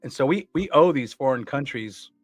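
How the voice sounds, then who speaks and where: A man's voice: medium pitch, animated, normal speed, no echo, clean studio sound, soft background music. A man co-hosting a casual talk show, speaking earnestly and often repeating words as he restarts his sentences. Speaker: co-host. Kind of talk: casual conversational commentary.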